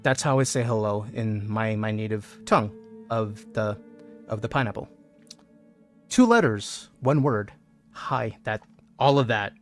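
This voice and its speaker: A man chats through a game stream with a playful, joking manner, reading out what his viewers write. His voice rises and falls a great deal. Faint music plays in the background. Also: mid-range voice. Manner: playful, jokey, reads chat aloud. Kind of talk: casual gaming stream chat.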